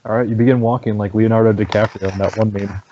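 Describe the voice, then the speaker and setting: Wry, low-voiced game master. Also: male voice, fairly even intonation, quick pace, mellow, slight background noise. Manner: wry, laughing and descriptive. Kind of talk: narrating a tabletop game. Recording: dull lo-fi sound.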